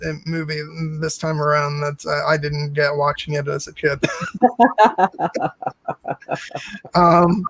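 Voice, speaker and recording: Guy rambling through a movie chat, stops and restarts a lot, kinda high voice, dead dry sound. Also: fairly even intonation, slow pace, long pauses, a bit bright, no room sound, poor audio. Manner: hesitant, many fillers and restarts. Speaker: film podcast co-host. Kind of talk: casual chat.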